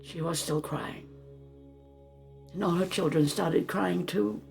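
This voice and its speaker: A spiritual channeler telling a story gently, calling the listener beloved and sinking into a soft whisper. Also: mid-range voice, steady tone, slow pace, vocal fry, soft background music.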